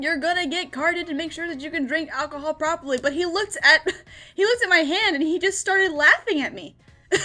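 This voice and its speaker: A woman in her twenties from the United States, telling a story in a casual vlog, lively and laughing as she acts out her own lines. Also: very high voice. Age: 20s. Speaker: gaming YouTuber.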